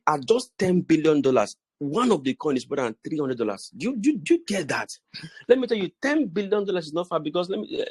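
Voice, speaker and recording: A man's voice: on the high side, dry recording. A middle-aged man with a Nigerian accent, giving a preachy motivational talk to his business group with many restarts and repeated phrases. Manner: preachy and repetitive, stammers and restarts.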